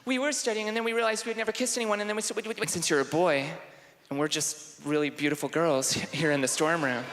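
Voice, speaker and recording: A man voicing giggly young college women in a dorm, high-pitched and gushing. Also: fairly even intonation, fast talker, fairly bright tone, a little hiss or hum. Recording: echoey hall, live stage.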